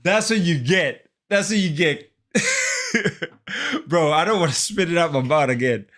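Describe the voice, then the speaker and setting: A young man streaming live in casual chat, excitable and swearing freely, calling everyone bro and dropping in Spanish phrases. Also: on the high side, normal speed. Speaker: livestreamer.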